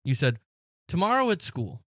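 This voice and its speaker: A man's voice: fairly high pitch, very animated, moderate pace, a bit bright, dry recording, clean studio sound. A man in his late twenties, a podcast co-host, telling a story in casual chat and acting out the quotes with plenty of swearing.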